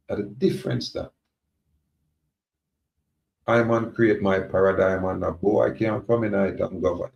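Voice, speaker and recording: Gravelly Jamaican man, defiant monologue. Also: lowish voice, darkish tone. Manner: defiant, preachy, repetitive. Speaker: self-styled sovereign speaking to viewers. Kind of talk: rambling monologue. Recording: roomy, dull lo-fi recording.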